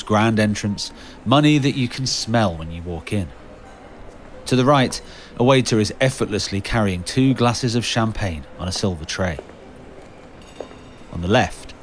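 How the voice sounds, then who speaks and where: Low-voiced man narrating a podcast. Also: a little hiss or hum. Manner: measured, scene-setting delivery. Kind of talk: scripted narration.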